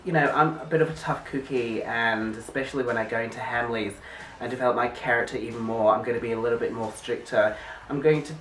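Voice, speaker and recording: A man's voice: mid-range voice, steady tone, fast, a bit bright, a little hiss or hum. A man, a guest in a comic mock interview, talking in a playful, rambling way with restarts. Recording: roomy and distant.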